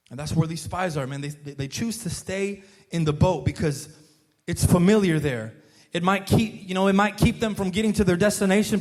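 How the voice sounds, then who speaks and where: A man's voice: high-pitched, a little mellow. A man preaching a casual, conversational sermon as a pastor, earnest and informal, often tossing in "man" and "right?" and restarting his sentences.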